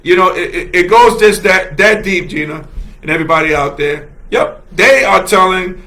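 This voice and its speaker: A man's voice: high-pitched, normal speed, pushed and bright. A man hosting a solo livestream, talking with passion and heavy emphasis, laughing often and repeating himself as he reads viewer comments. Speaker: host.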